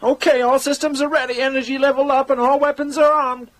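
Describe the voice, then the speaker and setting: A nervous young co-pilot in a cartoon, frets his way through every report. The voice rides high, with a jittery, unsure edge. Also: little pitch movement, fairly quick, a bit bright. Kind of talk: dubbed cartoon dialogue.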